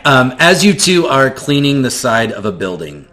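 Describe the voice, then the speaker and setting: A man's voice: mid-range voice, moderate pace. Male game master, easygoing descriptive narration. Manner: relaxed, descriptive, many fillers.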